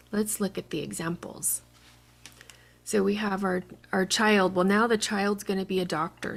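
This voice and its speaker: A woman's voice: mid-range voice, creaky, slightly rough. A woman teaching an online language lesson, patiently explaining each step.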